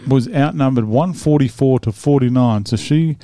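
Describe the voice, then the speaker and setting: A man's voice: mid-range voice, moderate pace, warm tone, dry recording, studio quality. A man, chatting casually and laughing often as he previews fights with his young son. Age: 40s. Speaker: podcast host previewing fights. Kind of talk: casual chat.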